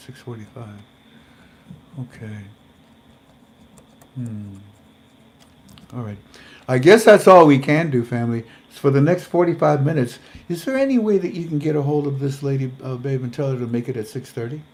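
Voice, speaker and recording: A man's voice: mid-range voice, lively intonation, normal speed, long pauses. A man hosting a casual, faith-based livestream in a folksy, rambling way, talking to his viewers as family. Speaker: host.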